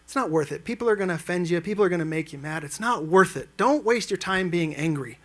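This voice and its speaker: A man's voice: high voice, lively intonation, fast talker. A man performing a stand-up comedy set, telling stories animatedly and acting out quotes with sudden jumps in his voice. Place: live event lounge.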